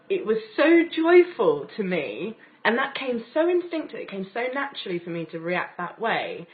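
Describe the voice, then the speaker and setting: A woman's voice: mid-range voice, big pitch swings, moderate pace, few pauses. A British woman teaching a spiritual course in a casual, gushing, enthusiastic way, often laughing. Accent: British English. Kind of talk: casual spiritual lesson to camera. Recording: tinny phone-like sound.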